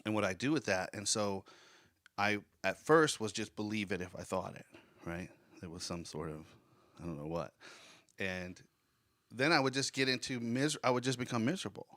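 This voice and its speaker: A male host with a very low voice talks in a reflective, easygoing way during a casual interview. He agrees often and thinks out loud as he goes. The sound is close and dry. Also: moderate pace, dry recording. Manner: reflective, agreeable, many "yeah" and "right". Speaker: podcast host.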